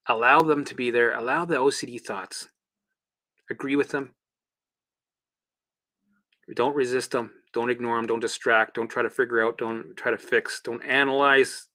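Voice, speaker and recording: A man hosting a casual livestream, coaching viewers through exercises in an animated, chatty way with the odd swear word. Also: medium pitch. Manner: guides listeners through exercises. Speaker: host and recovery coach.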